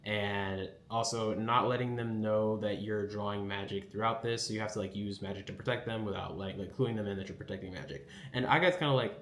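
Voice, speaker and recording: A man's voice: on the low side, fairly even intonation, brisk, few pauses, fairly bright tone. Rambling man recapping in an echoey room. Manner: rambling and enthusiastic, heavy on filler words. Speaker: anime recap host. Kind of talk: casual spoken recap. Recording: echoey room with faint ambience.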